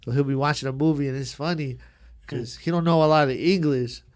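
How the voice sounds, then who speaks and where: A man's voice: on the high side, a little fast. Guy on a podcast, cussing and laughing through his stories, acting out what people said. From Southern California. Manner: acts out other people's lines in character. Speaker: podcast guest. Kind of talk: casual storytelling.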